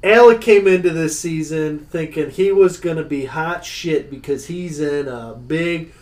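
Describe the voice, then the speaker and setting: A man's voice: a little high, unhurried. A man co-hosting a podcast, laid-back and a bit mocking in casual chat. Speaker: podcast co-host.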